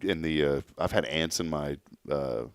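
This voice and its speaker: A man's voice: a bass voice, unhurried, dry recording. A man hosting a casual studio talk show, joking and laughing. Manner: jokey, laughing, plays with words. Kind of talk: casual chat. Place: studio with audience.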